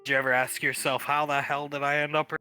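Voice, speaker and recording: A man's voice: fairly high pitch, flat delivery, quick pace, bright, forceful tone, smooth, soft background music. A man chatting in character during a tabletop role-play, telling a story with laughs and narrating his own actions.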